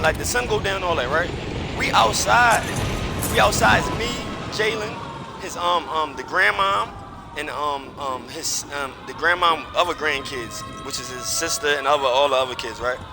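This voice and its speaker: A man's voice: on the high side, moderate pace, gravelly, music in the background. A man streaming live, telling a personal story in casual chat while gaming, emphatic and repetitive, swearing oaths as he goes.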